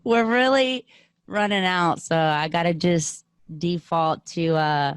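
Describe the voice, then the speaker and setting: A woman with a Southern US accent trades brash, self-deprecating jokes as a comedy podcast guest. Her voice sits a little low, and the recording is dry and close. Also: slow, smooth, no room sound. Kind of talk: casual podcast banter.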